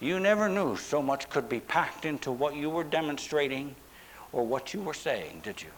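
A man preaching a sermon, stressing words with drawn-out pauses and dramatic emphasis. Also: fairly high pitch, very animated, a little hiss or hum, poor audio. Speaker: pastor.

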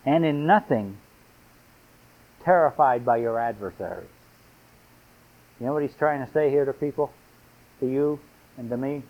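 A man's voice: medium pitch, moderate pace, long pauses. A man preaching a sermon, reading scripture aloud with rising, emphatic delivery. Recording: tinny phone-like sound.

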